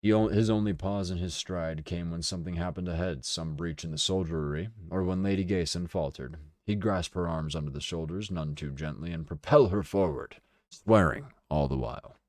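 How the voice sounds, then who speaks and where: Very deep-voiced man reading a novel aloud. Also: dry recording, studio quality. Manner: steady, deliberate narration with occasional swearing asides. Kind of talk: dramatic book reading with casual asides.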